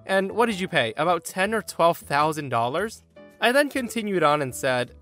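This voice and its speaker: Podcast guy reading out a story, lively voice that jumps around, a bit high, soft music behind. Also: normal speed. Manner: animated, playful storytelling. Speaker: podcast host. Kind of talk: reading stories aloud.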